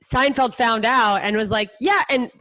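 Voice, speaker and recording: A woman's voice: a little high, sing-song, normal speed, fairly bright tone. A woman hosting a podcast, chatting casually, laughing often and swearing freely. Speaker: podcast host. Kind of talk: casual chat.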